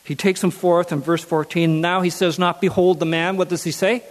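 A man's voice: sits high, little pitch movement, moderate pace, in a large hall. A man preaching a sermon who reads scripture aloud and then repeats key phrases for emphasis.

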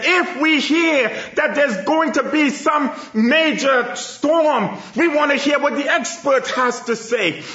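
High-voiced emphatic male preacher, echoey. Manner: emphatic preaching that swells into shouts. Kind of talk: sermon. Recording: echoey room, dull lo-fi sound.

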